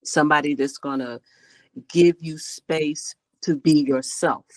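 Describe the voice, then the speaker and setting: Low-voiced plain-spoken woman guest. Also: fairly even intonation, a little slow, no room sound, rough recording. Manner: plain-spoken, fond of folksy sayings. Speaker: podcast guest, holistic practitioner. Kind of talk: casual chat.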